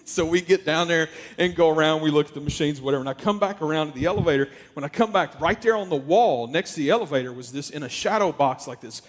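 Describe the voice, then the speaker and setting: A man's voice: fairly high pitch, fast, hardly any pauses. Man telling a story in a reverberant hall. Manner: animated, acts out quoted voices, many fillers. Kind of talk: casual storytelling.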